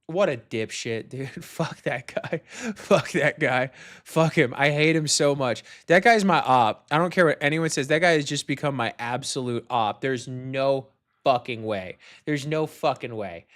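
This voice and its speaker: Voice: medium pitch, unhurried. A young adult hobby game developer commenting casually while coding, exasperated, talking to themself and swearing often. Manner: rants loudly at an online commenter.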